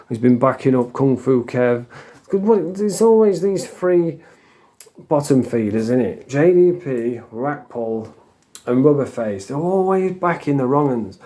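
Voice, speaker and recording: A man's voice: medium pitch, dark tone. A man ranting in a crude, mocking vlog, laughing at his own jokes. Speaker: online commentator.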